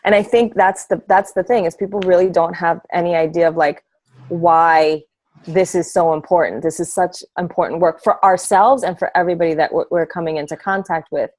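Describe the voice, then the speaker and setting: Casting: passionate woman coach, lower voice, dry close recording. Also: fairly even intonation, a little fast, a little mellow, no room sound. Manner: emphatic, filler-heavy, passionate. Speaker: team coach on a group call. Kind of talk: casual team call chat.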